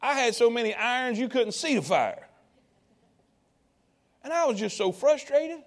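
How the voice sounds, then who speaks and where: A man preaching a sermon, calling out to the congregation and swinging between quiet asides and loud appeals. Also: very high voice, expressive, a little slow. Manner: call-and-response preaching to congregation.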